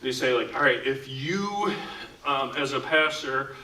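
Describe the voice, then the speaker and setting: Bright-voiced man preaching in an echoey room. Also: medium pitch, animated, unhurried, distant mic. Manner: casual, talks with frequent "like" fillers. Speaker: pastor. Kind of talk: conversational sermon. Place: church. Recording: echoey room, speaker away from mic.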